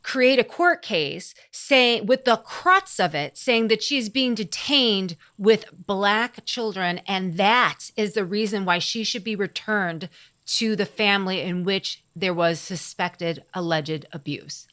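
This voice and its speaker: A woman co-hosts a casual history podcast and reacts bluntly and outspokenly to the story, swearing freely. Her voice sits at a middling pitch. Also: slow pace, fairly bright tone. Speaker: podcast co-host.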